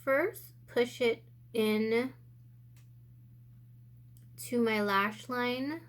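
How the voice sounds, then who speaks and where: A woman's voice: fairly high pitch, extremely slow. A woman giving a casual makeup tutorial, chatting and thinking aloud as she works, a little out of breath. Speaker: beauty vlogger. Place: indoor room with sunlight coming in.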